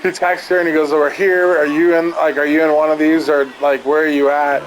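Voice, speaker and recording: A man's voice: a little high, little pitch movement, a little fast, poor audio. A young man casually telling a long story, rambling and swearing with lots of fillers. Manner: rambling, profane, many "like" fillers. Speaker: streamer.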